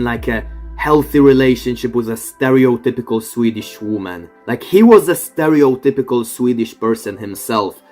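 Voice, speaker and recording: A young man giving an earnest, reflective personal monologue to camera, often trailing off quietly. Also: mid-range voice. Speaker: vlogger.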